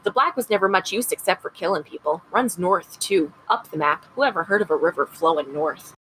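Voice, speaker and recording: A woman's voice: lowish voice, expressive, fairly quick, fairly bright tone, a little hiss or hum, low-quality recording. A woman reading aloud as a working-class mother from upstate New York, trying a Rochester accent. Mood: wistful. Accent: Rochester, upstate New York (imitated). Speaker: podcast co-host.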